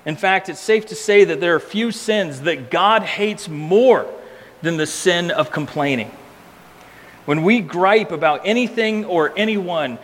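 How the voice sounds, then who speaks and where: A man preaching a sermon emphatically, repeating key words and slowing down for effect. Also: high voice, fairly bright tone, long reverb tail. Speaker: pastor.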